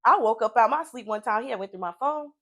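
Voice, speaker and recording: Young woman on a podcast, pitch jumps all over, slightly high, laughs through her story. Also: quick pace. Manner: animated, laughing, acts out quotes. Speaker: podcast co-host. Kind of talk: casual storytelling chat.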